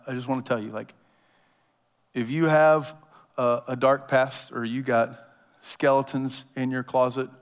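A man preaching a sermon in a casual, animated storytelling manner, acting out voices as he tells the story. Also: medium pitch. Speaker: pastor. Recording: long hall reverb.

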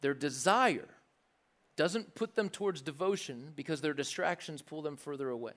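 A man preaching a sermon in a lively, joking way, acting out the voices of the crowd. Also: fairly high pitch, normal speed. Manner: animated, jokey preaching with acted-out crowd voices. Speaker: pastor.

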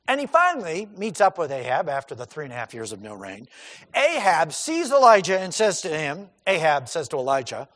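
A pastor preaches at a moderate pace, his high voice very lively in pitch as he fires off emphatic rhetorical questions and repeats words for stress. The long reverb of a big hall rings around every line.

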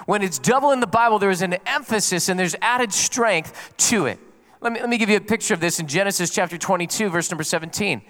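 A man's voice: high voice, quick pace, fairly bright tone. A middle-aged man, a pastor, preaching a sermon and telling stories and jokes to his congregation. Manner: storytelling preacher who plays out quotes and jokes with the congregation.

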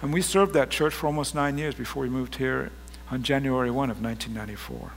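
A man's voice: medium pitch, lively intonation, fast talker, gravelly, a little hiss or hum. A middle-aged man preaching a sermon as pastor, earnest and rising to emphatic bursts.

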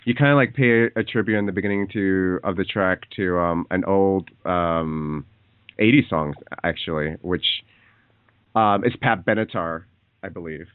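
A man hosting a casual phone interview, talking in a hesitant, halting way with many fillers. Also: low-pitched, clean tone, no room sound. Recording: tinny phone line, dry.

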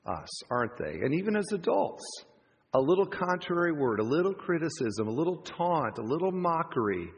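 A man preaching a sermon as pastor, telling the story vividly with lively asides. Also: medium pitch, breathy edge. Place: church campus auditorium. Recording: long church hall reverb.

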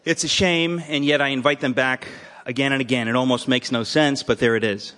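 A man at the front of a room hosts a live event and introduces the evening's speaker. He jokes in a dry, deadpan way, tossing in asides before getting to the formal introduction. His voice sits at an ordinary middle pitch. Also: fairly quick. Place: hall with a live audience.

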